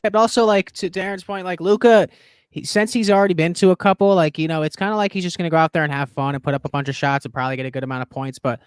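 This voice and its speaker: A man's voice: sits high, racing, smooth, no room sound, clean studio sound. A young man co-hosting a sports betting show, rambling and swearing through casual chat. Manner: rambling, heavy swearing, animated. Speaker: sports betting podcast co-host.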